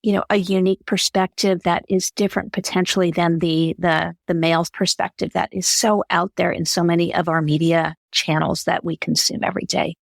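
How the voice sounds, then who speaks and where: A woman's voice: on the low side, fairly even intonation, a little fast, gravelly, hardly any pauses, no room sound. Earnest woman giving emphatic advice. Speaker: podcast guest, allyship speaker. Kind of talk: conversational interview answer.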